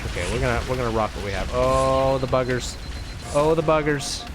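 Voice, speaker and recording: A man hosting a let's play, giving rambling, casual gameplay commentary full of swearing and excitable outbursts. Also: medium pitch, brisk. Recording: game music in background.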